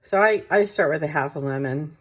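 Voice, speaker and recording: A woman's voice: low-pitched, brisk. A woman hosting a casual home cooking demonstration, chatting as she works and wheezing and coughing now and then. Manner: chatty, relaxed, thinks aloud. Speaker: cooking show host. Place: home kitchen. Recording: kitchen clatter behind.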